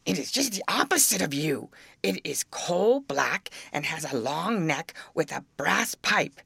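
A woman putting on a hoarse old yard dog. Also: deep voice, animated, measured pace, bright, forceful tone, no room sound, clean studio sound, heavily acted. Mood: gruff. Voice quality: hoarse, barking. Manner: grumbly, wise-sounding storyteller.

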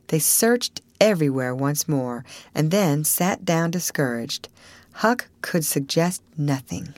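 A woman narrating a classic novel aloud in a measured, expressive storytelling manner. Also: sits low, dry recording. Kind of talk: audiobook reading of a classic novel.

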